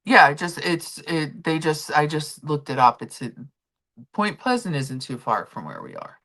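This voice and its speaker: A woman chats through a live stream, her voice low yet swinging widely up and down as she tells stories. She reads out viewers' messages between anecdotes in a loose, talkative manner. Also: very animated, moderate pace, a bit bright. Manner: chatty storytelling, reading chat aloud. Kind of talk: casual chat with chat readers.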